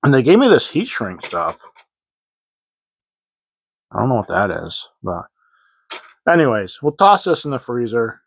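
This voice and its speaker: A man's voice: mid-range voice, sing-song, measured pace, pauses often, slight background noise. A man hosting a casual model-kit show-and-tell vlog, rambling and hesitant, with many fillers and restarts. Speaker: hobby model-kit channel host. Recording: dry, slightly dull lo-fi sound.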